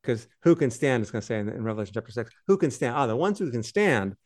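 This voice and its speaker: A man's voice: mid-range voice, sing-song, quick pace, no echo, clean studio sound. A man co-hosting a podcast, giving a conversational Bible study and explaining the Greek text in a loose, teacherly way. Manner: explanatory, translates Greek on the fly, loose fillers.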